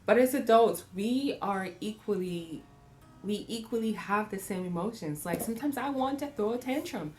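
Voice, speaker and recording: A woman in her thirties talks in a casual, reflective way about parenting. She is animated and laughs easily, with a middle pitch. Soft acoustic music plays faintly behind her. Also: moderate pace. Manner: animated, laughing often, acting out voices. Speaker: parenting vlogger.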